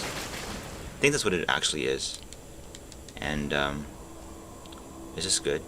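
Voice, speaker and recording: His voice is extremely low, animated yet slow, and he pauses often against background noise. He's a gaming streamer rambling through commentary as he plays, swearing casually and trailing off before finishing his thoughts.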